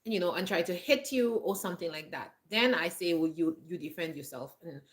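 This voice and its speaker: A woman vlogger giving earnest, chatty advice to camera, often repeating herself and restarting her phrases. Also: fairly low pitch. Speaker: lifestyle vlogger. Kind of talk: casual advice talk to camera.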